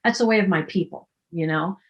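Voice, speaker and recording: A woman's voice: lowish voice, a little fast, lo-fi sound, lightly acted. A woman quoting a plainspoken, hardworking mountain man in her own voice, with a folksy manner. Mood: proud.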